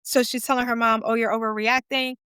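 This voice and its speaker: A bright, clear-voiced woman tells a creepy story with lively energy. Her voice sits a little high, and she jumps into quoted voices and sassy asides. The sound is dry and close to the mic. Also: a little fast, dry recording. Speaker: podcast co-host. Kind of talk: casual storytelling chat.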